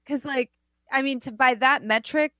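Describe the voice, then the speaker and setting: A woman's voice: high-pitched, moderate pace, pushed and bright, no room sound. Chatty woman full of filler words. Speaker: podcast co-host. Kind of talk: casual chat.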